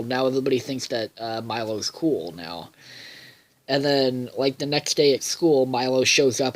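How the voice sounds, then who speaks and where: A tired man at a mid pitch rambles through a cartoon recap. He swears freely, leans on fillers, and keeps losing his thread. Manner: profane, filler-heavy, loses his train of thought. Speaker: cartoon episode reviewer.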